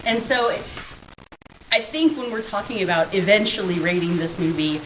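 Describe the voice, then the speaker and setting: A woman co-hosting a podcast in casual chat, dramatic and animated, often breaking into laughter. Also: medium pitch, normal speed, a little hiss or hum. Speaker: podcast co-host. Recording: roomy echo.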